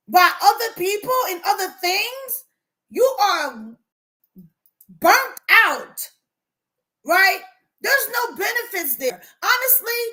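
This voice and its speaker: A woman life coach speaking on a livestream to her viewers, animated and preachy. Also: very high voice. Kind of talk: livestream motivational talk.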